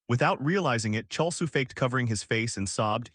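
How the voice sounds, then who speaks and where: A male narrator reading a scripted fantasy recap in a lively storytelling manner. His pitch moves widely, and the sound is dry and close to the mic. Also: brisk, few pauses, no echo.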